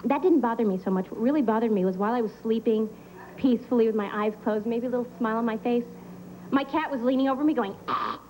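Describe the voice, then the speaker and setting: A woman performing a stand-up comedy set, delivering deadpan one-liners with pauses for laughs on a club stage. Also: fairly high pitch, slight background noise, rough recording. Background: audience laughter.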